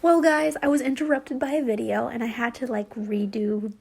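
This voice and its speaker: A woman's voice: on the high side, fairly even intonation, normal speed, gravelly, a little mellow, slightly rough. A woman casually reading fan fiction aloud, giggling and breaking off into chatty rambling asides.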